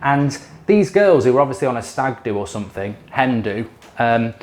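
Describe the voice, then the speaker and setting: A man's voice: medium pitch, big pitch swings, normal speed. A middle-aged man cooking in his home kitchen on a handheld camera, telling a long story in an exasperated, mildly sweary way. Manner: exasperated, swears mildly, mocks others in impressions. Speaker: YouTube host cooking on camera. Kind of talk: casual ranting storytelling while cooking.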